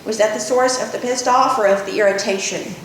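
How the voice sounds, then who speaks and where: A woman reading a novel aloud, voicing a middle-aged father who teases gently and dryly. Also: fairly even intonation, brisk, recorded from a distance, lightly acted. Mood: dry teasing. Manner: dry, gently joking. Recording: echoey room, faint rumble.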